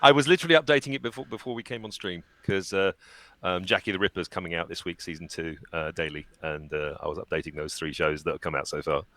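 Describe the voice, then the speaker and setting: A man chatting casually as a guest, relaxed and self-deprecating, laughing easily. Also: deep voice, quick pace. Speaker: guest voice actor. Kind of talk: casual chat.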